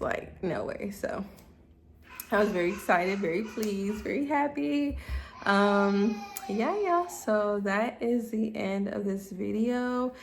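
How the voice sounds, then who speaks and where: A woman's voice: mid-range voice, creaky. A young woman telling a casual storytime vlog to her viewers, chatty and often calling them y'all. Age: young adult. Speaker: vlogger.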